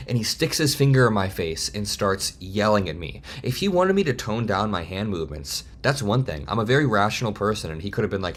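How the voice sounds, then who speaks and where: A man's voice: lowish voice, big pitch swings. Heated young man ranting. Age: 20s. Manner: heated, fast, worked-up ranting. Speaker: political commentator. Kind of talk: direct-to-camera political commentary.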